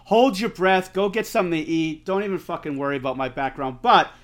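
A middle-aged man, co-hosting a podcast and telling stories in an animated way, swearing freely. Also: on the high side, brisk. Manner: animated storyteller, swears freely, acts out quotes. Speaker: podcast co-host. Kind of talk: casual storytelling chat.

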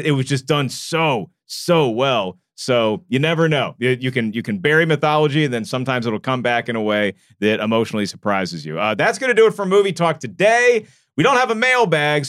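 A man's voice: on the high side, fairly bright tone, no echo, studio quality. A man hosting a podcast, chatting casually and teasing his guests before signing off the show. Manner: playful, teasing, quick sign-off patter. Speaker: podcast host. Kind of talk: casual chat.

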